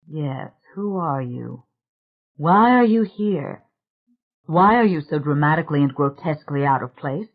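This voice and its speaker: A narrator voicing a solicitous white-haired Englishman with a clipped yet melodious English accent, speaking low and secretive. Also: animated, measured pace. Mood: puzzled. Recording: tinny phone-like sound.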